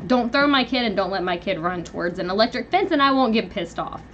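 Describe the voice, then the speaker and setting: A young woman hosting a live stream from home, rambling through an animated personal story with lots of fillers. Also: mid-range voice, a little fast, hardly any pauses, lo-fi sound, a little hiss or hum. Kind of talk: casual venting live chat. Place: at home, indoors.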